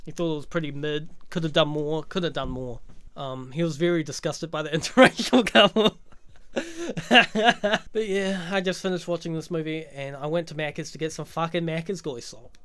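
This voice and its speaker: A rambling, foul-mouthed man delivers a casual movie review rant in a slightly high voice. His tone is smooth and resonant, and the sound is dry and close. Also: steady tone, fairly quick, few pauses, a bit bright, no room sound. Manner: profane, rambling, sardonic.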